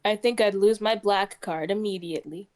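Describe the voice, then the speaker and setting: A woman's voice: medium pitch, moderate pace. A woman from the American South joining a stream, chatting casually in a playful, teasing way. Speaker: stream co-host.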